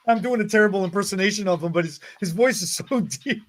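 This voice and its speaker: A man co-hosting a salon industry podcast, telling animated stories in casual chat. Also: sits high, quick pace, few pauses. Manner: animated storyteller, laughs often. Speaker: podcast co-host.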